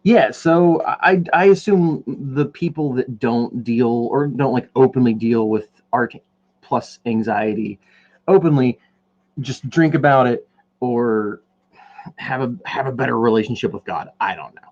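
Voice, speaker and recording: A man's voice: mid-range voice, a little slow, darkish tone, highs cut off. A man hosting a podcast in a casual, rambling chat while he paints, joking at his own expense. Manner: rambling, jokey, self-deprecating. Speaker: podcast host.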